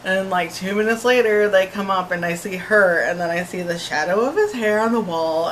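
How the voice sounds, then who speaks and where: A young woman eagerly telling a casual story, animated and laughing as she goes. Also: mid-range voice, normal speed, few pauses, a little hiss or hum, low-quality recording. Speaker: concert-goer. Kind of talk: casual chat.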